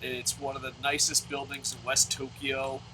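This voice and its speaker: A man's voice: medium pitch, completely flat delivery, normal speed, noisy background. A man hosting his own channel, talking casually and rambling with frequent stammers and restarts. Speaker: channel host. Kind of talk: casual monologue.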